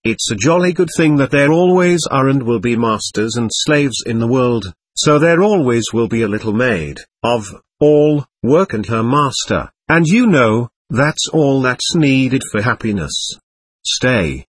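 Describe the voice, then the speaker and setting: A man's voice: mid-range voice, animated, unhurried, slightly rough, dry recording. A man reading the part of a drunken, lecherous old man who rambles and needles his sons. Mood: leering. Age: older.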